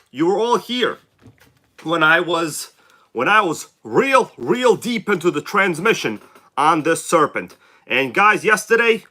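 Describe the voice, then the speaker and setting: A man's voice: sits high, bright, forceful tone. A chatty man hosting a live stream, greeting viewers by name while sounding sick and congested. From New York City. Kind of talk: casual live stream chat.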